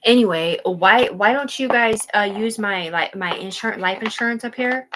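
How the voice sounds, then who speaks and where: A woman's voice: medium pitch, brisk, hardly any pauses, fairly bright tone, rough recording. A woman hosting a livestream from home, ranting in an angry, profane, rambling way. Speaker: livestream host. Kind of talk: live-stream rant.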